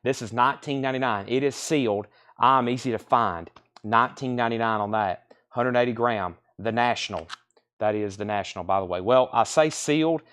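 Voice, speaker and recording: A man's voice: medium pitch, a bit bright. A man hosting a live-streamed record sale, chatting casually while he reads out bids, names buyers and repeats each price. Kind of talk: live-stream sales patter.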